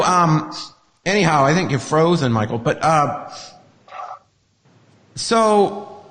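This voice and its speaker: A man's voice: a little high, fairly bright tone, long reverb tail, a little hiss or hum. A man hosting a casual podcast chat, ranting in a profane, sarcastic way. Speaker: host.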